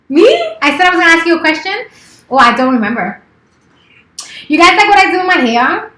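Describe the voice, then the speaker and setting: A woman's voice: high voice, animated, brisk, pauses often, pushed and bright, echoey room. A woman in her thirties chatting casually on a live stream, playful and teasing, swearing freely. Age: 30s. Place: office.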